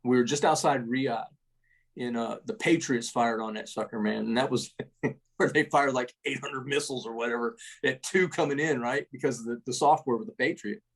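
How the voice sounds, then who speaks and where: A man's voice: medium pitch, moderate pace. A middle-aged man, an army veteran, telling war stories in a rambling, salty way, full of restarts and tags like "man" and "right?". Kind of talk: casual war storytelling.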